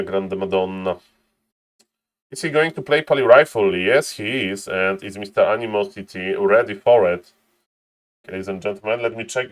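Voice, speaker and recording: A man casting a strategy game live on stream, excitable, laughing often and calling out to ladies and gentlemen. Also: lowish voice.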